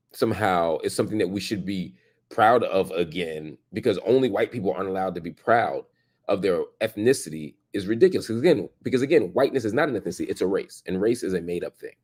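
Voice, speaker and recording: A man's voice: sits low, animated, fast talker, a little mellow, slightly rough. A man hosting a reaction commentary, emphatic and repeating his points for stress. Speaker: show host and commentator. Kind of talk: reaction commentary on a played clip.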